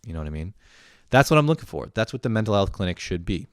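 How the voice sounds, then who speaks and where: A young man ranting in a loose, swear-heavy stream that keeps circling back on itself. His voice sits a bit low, and the sound is dry and close with almost no room around it. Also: very animated, fast talker, clean tone, no room sound. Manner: profane, rambling, self-deprecating. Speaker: vlogger. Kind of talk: casual rant.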